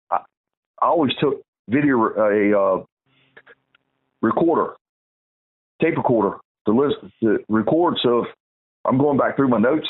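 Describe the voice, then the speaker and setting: A man's voice: medium pitch, slightly rough. A middle-aged man tells a long story in casual talk. He rambles, restarts often and gets heated as he goes. His voice comes through a tinny, phone-like channel.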